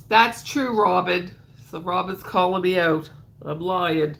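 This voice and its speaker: A woman's voice: lowish voice, slow, creaky, a bit bright. A woman hosting a crochet livestream, chatting casually in a rambling way and greeting viewers by name, her voice stuffed up and nasal.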